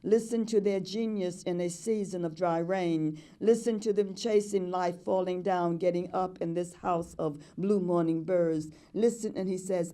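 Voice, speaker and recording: A woman's voice: fairly low pitch, steady tone, unhurried, hardly any pauses, mellow. An older woman performing spoken-word poetry in a rhythmic, incantatory way, chanting repeated refrains. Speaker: poet.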